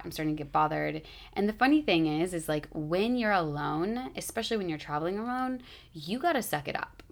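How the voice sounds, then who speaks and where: Woman, 30s, low gravelly voice, casual rambling vlog storyteller with heavy filler words. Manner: rambling, chatty, lots of "like" fillers.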